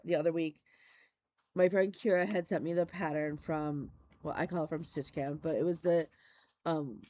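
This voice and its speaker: A woman's voice: lowish voice, mellow, dry recording, lo-fi sound. A middle-aged woman from Michigan chatting casually as the host of a stitching video, effusive and repetitive in her enthusiasm. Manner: chatty, effusive, repeats "love me a". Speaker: flosstube host. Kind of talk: casual chat.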